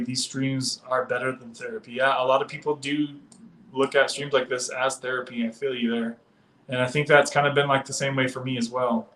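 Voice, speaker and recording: A man hosting a casual livestream, reading and answering viewer comments in a relaxed, chatty way with plenty of filler words. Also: medium pitch, slight background noise. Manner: relaxed, chatty, many 'uh' fillers, addresses viewers as guys and my friend. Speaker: livestream host.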